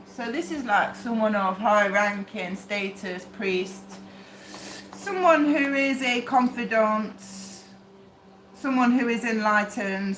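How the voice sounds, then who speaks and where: A woman's voice: medium pitch, fairly bright tone, slight background noise. A woman reading tarot on a livestream, talking bluntly and swearing as she rambles to herself. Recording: echoey room with faint ambience.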